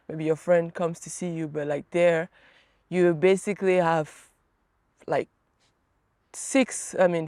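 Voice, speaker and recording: A woman's voice: on the low side, no echo, clean studio sound. A young woman from France with a French accent, telling a casual story with many "um"s and "like"s. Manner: relaxed, many fillers like "um" and "like". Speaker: vlogger, former college tennis player.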